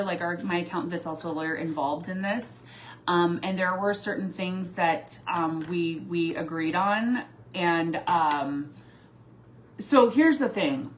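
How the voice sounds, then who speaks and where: Her pitch is fairly low, and a little hiss or hum runs under the audio. She's a mother and vlogger in her forties chatting loosely on a casual livestream, restarting often, filling pauses, and sometimes tearing up.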